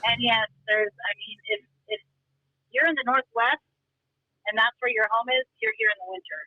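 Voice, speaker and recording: A woman's voice: a little high, normal speed, creaky, no room sound. A woman from Montana, a guest chatting animatedly on a call while she drives. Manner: animated, talkative storyteller. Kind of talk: casual chat on a call. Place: driving in a car. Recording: dull phone-line audio.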